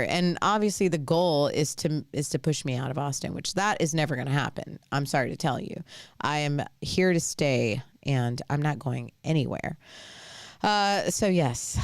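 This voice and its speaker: A woman hosts a live talk show with a low, smooth, resonant voice. She rambles through her points and states her opinions bluntly. The sound is dry and close, with no room around it. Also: no room sound. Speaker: host. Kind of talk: casual live commentary.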